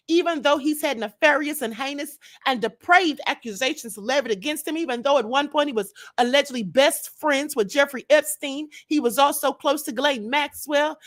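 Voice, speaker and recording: High-voiced sassy woman stream host. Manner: laughing, sassy asides, calls viewers honey. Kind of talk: casual commentary on the news.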